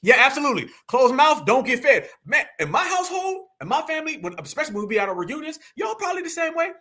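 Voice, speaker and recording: High-pitched, fast-talking animated man. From United States. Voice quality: loud, energetic, slangy. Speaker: online show host. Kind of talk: animated livestream commentary.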